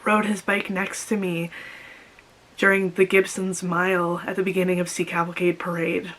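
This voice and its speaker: A young woman vlogging about her grief, speaking while crying, halting and repeating herself. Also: lowish voice, little pitch movement, a bit bright, poor audio. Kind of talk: personal confessional vlog.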